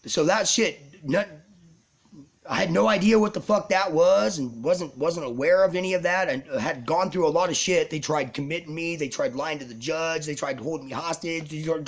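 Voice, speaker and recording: A man telling a personal story on camera in an agitated, rambling way, swearing a lot and restarting his sentences. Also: a little high. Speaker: vlogger.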